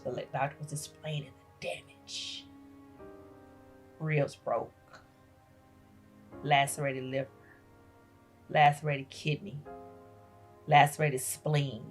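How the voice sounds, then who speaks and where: A middle-aged woman, a grandmother, telling a painful personal story as a podcast guest, halting and emotional, repeating her phrases. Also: low voice, little pitch movement, soft background music.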